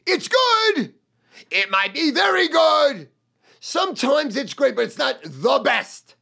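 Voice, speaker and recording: A man tells his story loud and boastful, swearing freely. His voice sits high and gravelly, with a bright edge. His pitch swings a lot from line to line. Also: big pitch swings, slow. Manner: brash, profane, loud and boastful. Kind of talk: storytelling monologue.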